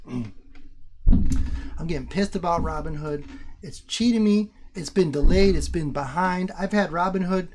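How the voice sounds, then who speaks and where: A man hosting a casual livestream from home, chatting and swearing freely as he reacts in real time. His talk is excitable and loose, and he thinks out loud. A faint hiss sits behind his voice. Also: on the high side. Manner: profane, excitable, thinks aloud. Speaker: livestream host.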